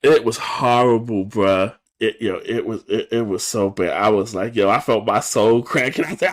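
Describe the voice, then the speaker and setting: A man's voice: medium pitch, moderate pace, hardly any pauses. A man co-hosting a podcast, casually recapping a TV episode and acting out the characters' lines in jumping voices. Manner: animated, acts out characters' lines in shifting voices. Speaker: podcast co-host.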